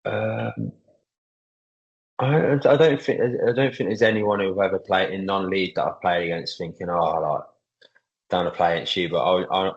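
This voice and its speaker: A man in his thirties, a footballer and club captain, chatting casually in a podcast interview, relaxed, with lots of fillers. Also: low-pitched, husky, highs cut off. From England.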